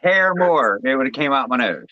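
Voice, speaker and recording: A man from the United States chatting casually, telling things in an amused, drawn-out way. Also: medium pitch, very animated, no echo, dull audio. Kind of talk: casual chat.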